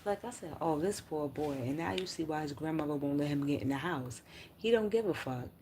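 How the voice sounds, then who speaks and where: A woman's voice: deep voice, expressive, fairly quick, background noise. A woman ranting bluntly and profanely on a casual livestream, reading chat comments aloud.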